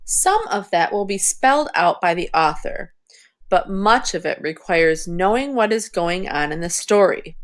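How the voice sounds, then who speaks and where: Woman teacher for a reading lesson video: clear, deliberate, unhurried, with a lot of lift and fall in the voice. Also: on the low side, lively intonation. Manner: clear, deliberate classroom delivery.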